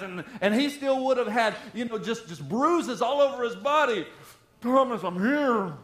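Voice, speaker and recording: A man preaching a sermon in a conversational way, dropping to a hushed voice for dramatic passages. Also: very high voice, roomy sound.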